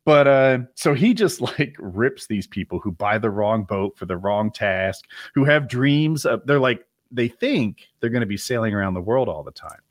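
Animated rambling guy, swearing a lot. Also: lowish voice, normal speed, few pauses, no room sound, studio quality. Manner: rambling, profane, laughs often. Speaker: podcast co-host. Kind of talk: casual chat.

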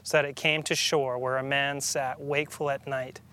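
A man reading aloud the lines of a wise, commanding male lion from a storybook, in a grave and measured way. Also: medium pitch, level tone, bright, forceful tone, clean tone, natural voice. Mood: solemn.

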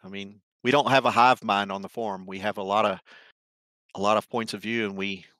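Bright-toned, low-voiced male guest. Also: brisk, no echo. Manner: relaxed, good-humored storyteller. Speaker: guest author and collector. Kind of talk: casual interview chat.

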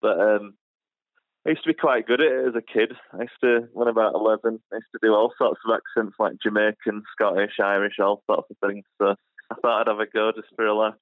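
Low flat British man on a tinny line. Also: fairly quick, dry recording. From United Kingdom. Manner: hesitant, lots of fillers and restarts. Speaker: guest, shooting channel creator. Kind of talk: casual interview chat.

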